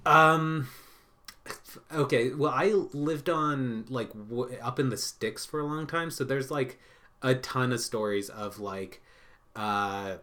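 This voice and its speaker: A man's voice: mid-range voice, fairly even intonation, slow, pushed and bright. Laid-back man chatting on a podcast. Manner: laid-back, rambling, laughs a lot. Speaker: podcast co-host. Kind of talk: casual chat.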